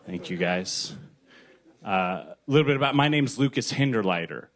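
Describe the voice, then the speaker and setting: A man's voice: on the low side, expressive, moderate pace. A man doing a short stand-up set, then chatting with the host on stage. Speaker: stand-up comedian.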